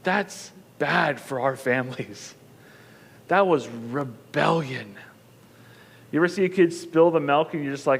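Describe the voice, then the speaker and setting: Joking, emphatic preacher in a reverberant hall. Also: male voice, fairly high pitch, unhurried, creaky. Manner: conversational and joking, rising to emphatic bursts. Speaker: pastor. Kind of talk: sermon. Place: church auditorium.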